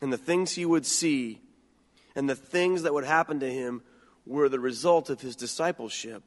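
A man's voice: mid-range voice, normal speed. Earnest man preaching in a reverberant hall. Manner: earnest and conversational, often repeating and restarting words. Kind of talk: sermon.

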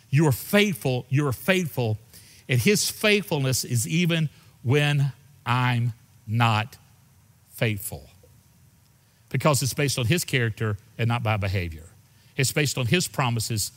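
An older male pastor with a drawl preaches in a church sanctuary, his voice trailing off into a long hall reverb. He tells stories from the pulpit with feeling, his pitch swinging up and falling low as he goes. His voice sits in a middle register. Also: a bit bright. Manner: heartfelt, emotional storytelling with sudden rises and drops in pitch. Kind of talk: sermon with personal storytelling.

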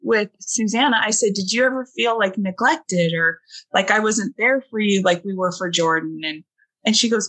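A woman's voice: mid-range voice, normal speed, fairly bright tone, poor audio. A woman in her forties, a podcast guest, telling a heartfelt family story with lots of fillers and quoted dialogue. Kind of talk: emotional storytelling in a podcast chat.

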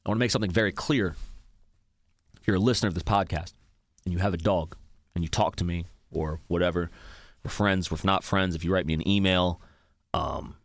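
A man's voice: deep voice, no echo. A young man hosting a podcast, talking casually in a profane, mock-ranting comedic monologue. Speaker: podcast host.

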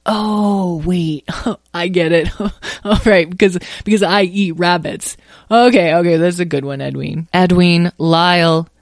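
A woman voicing a goofy, good-natured young dragon who is slow on the uptake for a storybook. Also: on the low side, steady tone, no room sound, clean studio sound. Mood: amused. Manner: slow on the uptake, laughing along.

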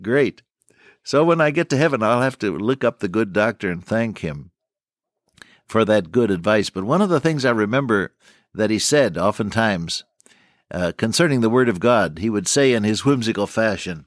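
A man's voice: fairly low pitch, expressive, moderate pace, dry recording, studio quality. An older man delivering a folksy radio sermon, greeting listeners and quoting scripture. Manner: folksy, warm pastoral address with scripture quotes. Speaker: radio preacher.

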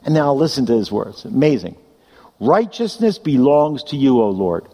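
A man's voice: medium pitch, sing-song, normal speed, warm tone. A man preaching a sermon, reading scripture aloud with emphatic delivery. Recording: long hall reverb.

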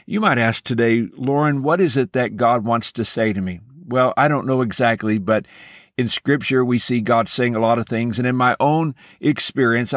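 A man's voice: mid-range voice, no room sound, clean studio sound. Earnest man giving a devotional. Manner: earnest, measured, encouraging. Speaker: host of a devotional podcast. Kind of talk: scripted devotional message.

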